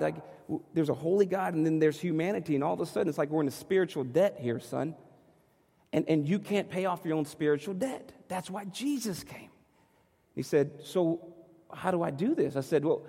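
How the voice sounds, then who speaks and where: A man's voice: a little high, gravelly, dark tone, husky, long reverb tail. A man preaching a sermon as a pastor, telling a story conversationally and acting out his dialogue with his young son. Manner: conversational, with many restarts.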